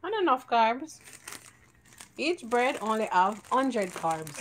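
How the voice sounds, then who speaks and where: A woman's voice: a little high, big pitch swings, very slow, a little hiss or hum. A woman with a Jamaican accent hosting a live home cooking show, joking and giggling in casual chat. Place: home kitchen.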